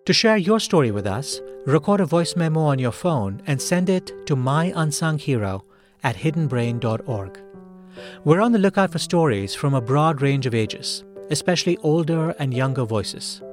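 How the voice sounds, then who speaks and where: Measured male podcast host. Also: a little high, expressive, soft background music. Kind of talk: scripted narration.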